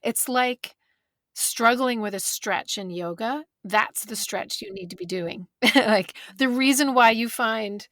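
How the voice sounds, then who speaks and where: A woman's voice: on the high side, takes it slowly, a bit bright, no room sound. A woman author speaking as a guest, thoughtful and candid, searching for words and close to tears. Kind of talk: reflective conversation. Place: bedroom closet.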